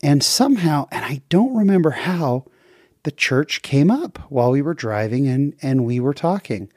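A man from the western United States hosting a podcast, earnestly retelling a faith story with lively jumps in pitch. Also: moderate pace, no room sound, clean studio sound. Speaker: podcast host.

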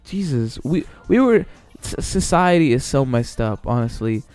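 A man's voice: mid-range voice, lively intonation, moderate pace, darkish tone. A man hosting his own solo podcast, rambling casually and swearing, with many fillers and restarts. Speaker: podcast host. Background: faint background music.

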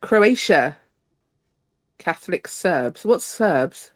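A woman co-hosting a casual podcast, chatty and self-mocking, quick to laugh. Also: lowish voice, sing-song, dry recording, clean studio sound. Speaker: podcast co-host. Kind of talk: casual chat.

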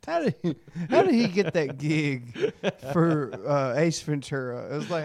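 Slightly high male co-host, dry and musing. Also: big pitch swings, unhurried, darkish tone. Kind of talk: casual comedic chat.

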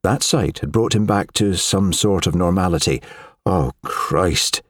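A man narrating an audiobook in a measured, expressive storytelling manner. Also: low voice, no room sound. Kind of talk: scripted narration.

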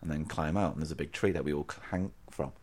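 A man, a podcast co-host telling a childhood story in casual chat, deadpan. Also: rumbling low, quick pace.

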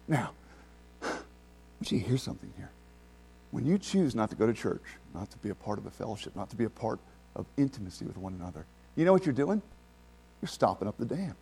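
A male pastor preaching a sermon in a conversational style, full of restarts and sudden swings between soft and loud. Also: mid-range voice, slightly rough.

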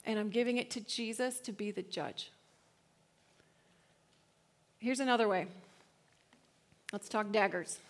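A woman in her thirties giving a casual, slangy church talk, laughing often and swinging from hushed to loud. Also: mid-range voice, unhurried, pauses often. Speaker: speaker at a church gathering.

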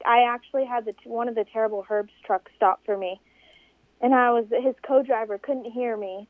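A woman with a fairly high voice tells her story over a thin, tinny phone connection with no room sound at all. She is animated, leaps up in pitch to act out whoever she quotes, and keeps the tale rolling as an interview guest. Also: a little fast, no echo. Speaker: interview guest, desert racer. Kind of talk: storytelling in conversation.

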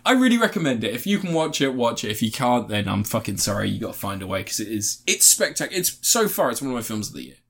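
A man's voice: mid-range voice, quick pace, few pauses, slightly rough. A man in casual podcast chat, reviewing a film with lots of laughter and swearing. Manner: animated, laughs often, swears freely. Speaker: podcast co-host reviewing films.

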